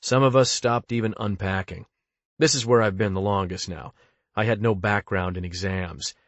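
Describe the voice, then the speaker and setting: A man reading an audiobook, delivering monologues in a conversational, deadpan and wry manner. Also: lowish voice, normal speed, dry recording, highs cut off. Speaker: audiobook narrator.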